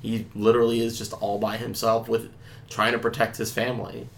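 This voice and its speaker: A young man co-hosting a casual comic book podcast, retelling the plot with lively acted-out lines. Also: mid-range voice, a little fast, gravelly. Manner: animated retelling, acting out characters' lines. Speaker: podcast co-host.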